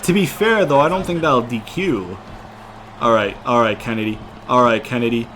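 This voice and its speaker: A young man talks through his wrestling game in a loose, rambling way, leaning on fillers and slang. He swears casually as he explains his plans. His voice sits at an ordinary middle pitch. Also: moderate pace, a bit bright, slight background noise. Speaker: gaming commentator. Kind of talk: casual gameplay commentary.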